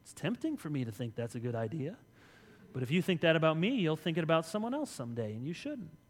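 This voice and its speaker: Male pastor, bright higher-set voice, conversational sermon in a reverberant church hall. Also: big pitch swings, fast. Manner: conversational preaching, swings from loud to soft. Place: church sanctuary.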